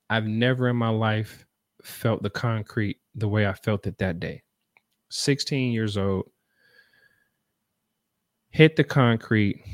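A man's voice: on the low side, no room sound, clean studio sound. A man, earnestly telling a personal story in a conversational, repetitive way to make a motivational point.

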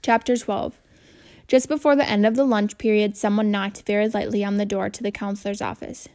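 A woman reading a children's novel aloud, steady and even in her storytelling. Her voice sits at an ordinary middle pitch with a noticeable gravelly fry. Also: a little fast. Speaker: audiobook reader.

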